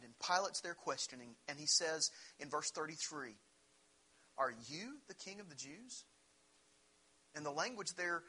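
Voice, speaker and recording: A man preaching a sermon, earnest and emphatic, rising in pitch when he acts out scripture. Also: sharp tone, husky, rough recording. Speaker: pastor.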